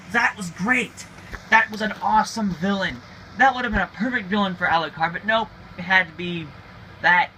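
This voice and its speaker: Guy ranting about stuff, kinda high and bright voice, faint hum behind. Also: rough recording. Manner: ranting, emphatic, with restarts. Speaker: video creator. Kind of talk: casual opinion monologue.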